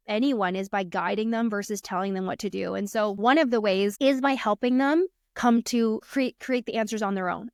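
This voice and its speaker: A woman in her thirties, a coach appearing on a podcast, speaks in a clear, resonant medium-pitched voice. The studio-quality recording has no room sound. In casual interview conversation, she earnestly recounts parenting stories and plays out what her kids said.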